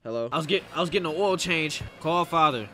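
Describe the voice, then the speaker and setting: A young man streaming a game, chatting casually and yelling at his teammates. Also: on the high side, expressive, fast, music in the background. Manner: trash-talking, breaks into loud yelling at teammates. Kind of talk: casual gameplay commentary.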